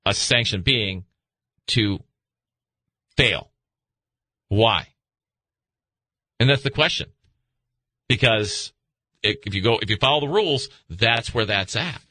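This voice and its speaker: A male talk radio host who rambles through a late-night monologue. His voice is very bright and swings widely in pitch. The sound is dry and close. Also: no room sound. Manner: animated, rambling, acts out voices in high pitch.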